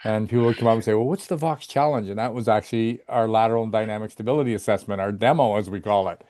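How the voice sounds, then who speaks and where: A man's voice: fairly low pitch, fairly even intonation, racing, darkish tone. A man hosting a casual interview, easygoing, with frequent affirmations. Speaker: host.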